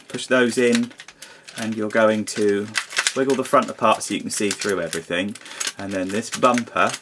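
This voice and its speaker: A man's voice: medium pitch, noisy background. A man giving a casual hands-on toy review, grumbling and exasperated, with mild swearing.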